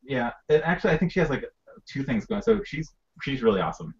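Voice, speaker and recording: A man running a casual group video chat, rambling and halting, often repeating words. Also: medium pitch, sing-song, creaky. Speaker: film director hosting a webcast. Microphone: video call. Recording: dull lo-fi video call audio.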